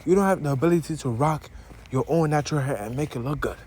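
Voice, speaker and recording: A man's voice: on the high side, fast, a little mellow, slight background noise. A young man from Africa, with an accent mixing African and American, giving an opinionated, rambling monologue straight to his viewers. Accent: African mixed with American. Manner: rambling, repeats and restarts phrases, addresses viewers directly. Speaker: vlogger. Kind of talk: opinionated casual monologue to camera.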